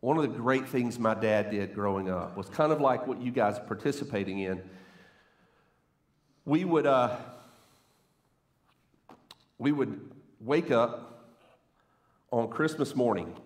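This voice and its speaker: A man's voice: medium pitch, unhurried, long pauses. A man preaching a sermon from a church stage, playful and conversational, teasing the congregation as he talks. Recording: roomy church echo.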